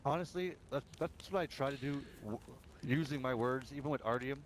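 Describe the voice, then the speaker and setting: A man's voice: medium pitch, brisk, a little hiss or hum. A man in roleplay chat inside a survival game, telling a heated story with lots of swearing and acted-out quotes.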